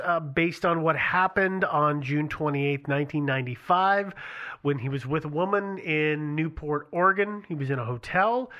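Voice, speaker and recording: Bright-toned man hosting a chat. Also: a little high. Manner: conversational, leads the storytelling with frequent restarts. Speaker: podcast co-host. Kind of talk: casual true-crime chat.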